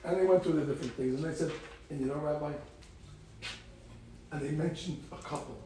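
A man's voice: on the high side, brisk, heavy reverb, distant mic, noisy background. A man, a rabbi, telling stories in a talk to a group of girls and acting out the people he quotes.

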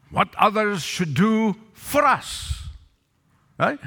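The voice is a man's, high-pitched, gravelly, and sharp, ringing out in a large church sanctuary with a balcony. He's a pastor delivering a sermon, drawing responses from the congregation and repeating lines to drive his points home.

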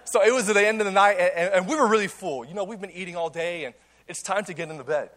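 A young man preaches to a congregation in a church hall, telling a playful story at an energetic clip. His voice sits noticeably high for a man, and he often restarts his sentences and repeats words as he goes. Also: fast talker. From Cuban. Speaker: pastor. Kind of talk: sermon with personal story. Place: church auditorium before a congregation.

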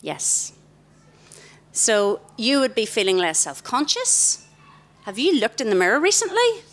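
Animated woman speaker. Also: on the high side, measured pace. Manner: animated, questions the crowd directly. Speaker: youth event speaker. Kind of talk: interactive talk to a young audience. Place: large festival tent, live audience.

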